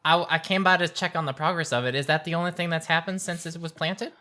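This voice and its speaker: A woman's voice: fairly low pitch, steady tone, quick pace, pushed and bright. A woman playing a character in a tabletop game, easygoing and wry. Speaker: player.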